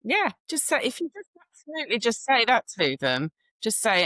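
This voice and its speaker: A woman's voice: medium pitch, very animated, fairly quick, hardly any pauses, a bit bright, no room sound. A woman who works in birth, giving firm, matter-of-fact advice in a podcast interview and acting out short dialogues. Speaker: birth worker.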